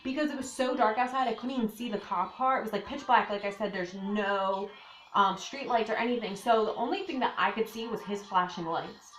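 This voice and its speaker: A woman's voice: medium pitch, a little fast, a bit bright, a little hiss or hum. A young woman telling a storytime on her vlog, casual and breathless, with lots of filler words and emphatic disbelief. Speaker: vlogger. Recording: echoey room with faint music.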